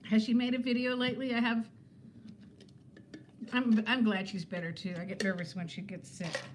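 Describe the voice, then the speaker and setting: A woman's voice: a little high, flat delivery, moderate pace, background noise. A woman in her fifties who is a weight-loss vlogger, chatting casually with viewers on a livestream in a rambling way and laughing often. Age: 50s.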